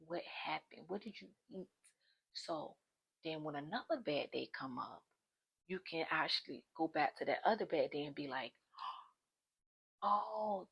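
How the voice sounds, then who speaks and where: Low, husky young woman giving advice. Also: highs cut off. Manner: chatty and informal, speaking straight to the viewer. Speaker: vlogger. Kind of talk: casual self-help advice.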